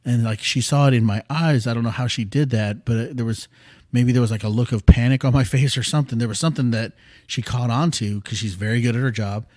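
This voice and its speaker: A man in his thirties hosting a podcast, telling a personal story in an earnest, rambling way that often drops quiet. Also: mid-range voice, fairly quick, no echo, studio quality. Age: 30s. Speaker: podcast host. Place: small studio room.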